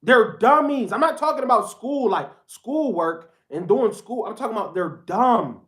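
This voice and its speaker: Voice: medium pitch, expressive, moderate pace. A heated political reaction rant from a commentator who talks bluntly and keeps circling back to the same points. The speech is loose and slangy, with "bro" thrown at the audience again and again. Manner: blunt, repetitive, slangy, addresses viewers as bro.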